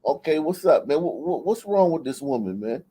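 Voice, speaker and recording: A man's voice: fairly high pitch, very animated, moderate pace, mellow, husky, low-quality recording. A male livestream host giving casual, profane, mocking reaction commentary.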